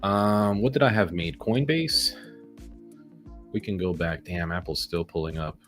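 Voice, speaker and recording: Deep-voiced man narrating his stock trades. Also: unhurried, faint music behind. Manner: excitable, swearing, talks to the chart. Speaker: day-trading vlogger. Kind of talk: casual live trading commentary.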